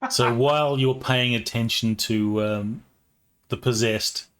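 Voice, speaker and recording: A man narrating a tabletop game as game master, in a relaxed way with many fillers. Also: mid-range voice, takes it slowly.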